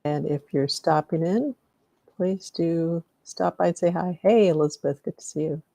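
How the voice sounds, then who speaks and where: Low, gravelly woman guiding a meditation. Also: moderate pace, mellow, dry recording. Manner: rambling, self-correcting, greets viewers by name. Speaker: energy healing meditation host. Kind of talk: live-streamed guided meditation and chat.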